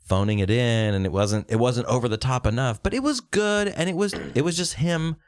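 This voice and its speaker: A man co-hosting a casual podcast. His pitch swings in a lively way as he jumps into exaggerated impressions, and he swears often. The sound is dry and close, with no room echo. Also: a little fast, clear, resonant tone. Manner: animated, swearing, breaks into exaggerated quoted voices. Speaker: podcast co-host.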